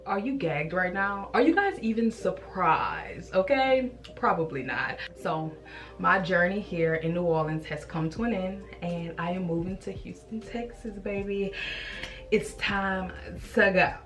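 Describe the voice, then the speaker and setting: Young woman vlogger, lowish voice, confessional and chatty, faint music underneath. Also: expressive, unhurried. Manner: chatty, emotional, addresses viewers as y'all and girl. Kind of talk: casual confessional vlog. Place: home bathroom, filmed on own camera.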